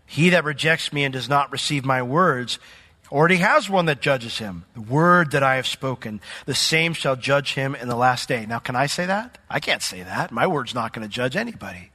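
A man's voice: medium pitch, expressive, normal speed, bright, forceful tone, long reverb tail. A male pastor preaching a sermon in a conversational way, reading from the Bible and asking the congregation questions.

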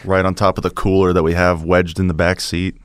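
A male radio co-host chiming in with deadpan quips during joking banter. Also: low-pitched, a little fast, clear, resonant tone, no echo, clean studio sound. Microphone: studio microphone.

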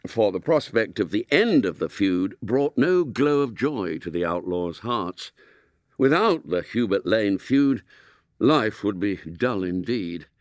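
A man reading a story aloud in an expressive, mock-solemn way. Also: fairly low pitch, takes it slowly, no room sound, studio quality. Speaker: narrator.

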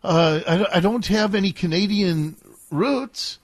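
A man from the Seattle area hosting a talk radio show, animated and indignant, arguing playfully with his co-hosts. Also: high voice, measured pace. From Seattle area, USA.

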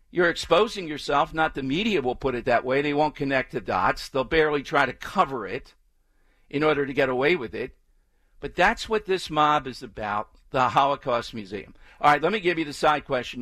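A man's voice: fairly high pitch, fairly bright tone, no echo. A man hosting a talk radio show, delivering an emphatic, opinionated monologue full of repetition. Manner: emphatic, repetitive, mocking chants with exaggerated inflection.

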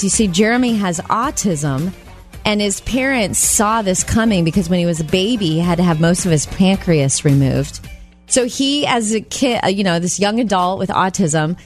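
A woman co-hosting a radio show, swapping stories in easy, casual chat. Her pitch sits in the middle for a woman, and she laughs often and breaks into giggly asides. A faint music bed runs quietly underneath. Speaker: radio co-host.

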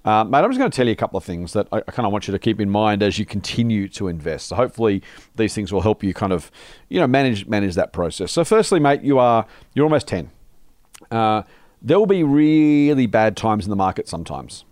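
A man's voice: on the low side, big pitch swings, a little fast, a little mellow, dry recording, clean studio sound. An Australian man co-hosting a podcast in casual chat, matey and encouraging, calling people mate. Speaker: podcast co-host.

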